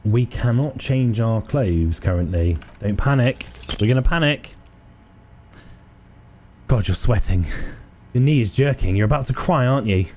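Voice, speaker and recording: A man reading game narration aloud during a playthrough, with a wry, expressive delivery. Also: medium pitch, measured pace, long pauses, a little hiss or hum. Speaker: video game player and narrator.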